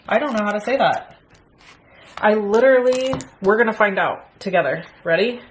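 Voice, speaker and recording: A middle-aged woman casually chatting through a crafting unboxing, excitable and gasping at pretty pieces. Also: medium pitch, moderate pace, a little hiss or hum. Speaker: crafting channel host.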